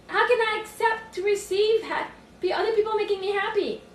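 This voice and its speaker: A woman life coach on a livestream from home, thinking aloud with sudden excited outbursts and cooing at her puppy. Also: extremely high pitch, echoey room, recorded from a distance, slight background noise. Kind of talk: livestream self-reflection. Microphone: phone.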